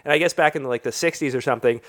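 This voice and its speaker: A man co-hosting a podcast, telling stories in casual chat, animated and quick to laugh. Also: mid-range voice. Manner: storytelling, animated, laughs often. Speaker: podcast co-host.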